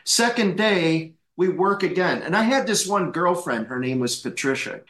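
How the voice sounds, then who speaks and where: A man in his fifties, a guest chiropractor, telling animated anecdotes, laughing often and acting out the voices in his stories. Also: fairly high pitch, reverberant. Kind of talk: anecdotal storytelling.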